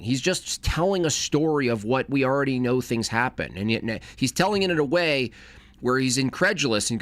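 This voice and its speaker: A man streaming casually, reacting to a video with sarcastic, mocking commentary that swings between loud jabs and mumbled asides. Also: medium pitch, lively intonation, normal speed, no room sound.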